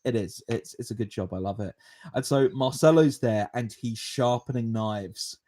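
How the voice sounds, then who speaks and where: A podcast host in his twenties speaks at medium pitch and a normal speed. Casual and animated, he wanders through a story and fields questions from viewers, chuckling frequently along the way.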